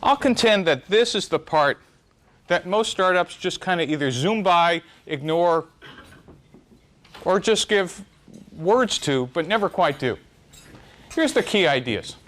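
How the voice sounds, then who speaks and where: A middle-aged man delivers a live lecture in a rather high voice. He is wry and self-deprecating, and his pitch jumps up and down as he makes his points. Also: lively intonation, unhurried, long pauses, a bit bright. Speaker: speaker giving a startup talk.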